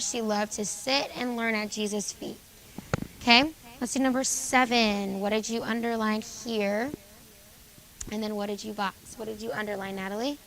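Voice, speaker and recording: A woman teacher going over grammar exercises with a junior high class, calling on students by name and confirming their answers. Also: a bit bright, rough recording. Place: school classroom.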